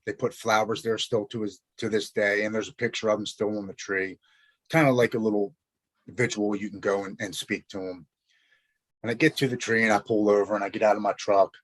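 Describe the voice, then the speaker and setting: Low-voiced man in his forties, earnest and halting. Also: no echo. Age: 40s. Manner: earnest, halting storytelling with frequent restarts. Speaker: podcast guest. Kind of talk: personal recovery story in conversation. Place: Maryland.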